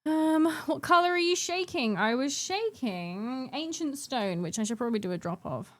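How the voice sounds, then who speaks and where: A woman's voice: sits high, expressive, normal speed, a bit bright. A young adult woman chatting casually with her live-stream chat while painting miniatures, giggling and bantering playfully.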